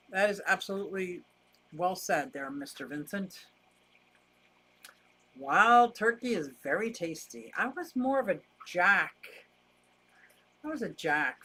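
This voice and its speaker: A woman's voice: medium pitch, fairly bright tone, slightly rough. An older woman hosting a casual livestream, chatting and answering viewer comments in a wry, talkative way. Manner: chatty, wry, laughs easily, rants about costs. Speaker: livestream host.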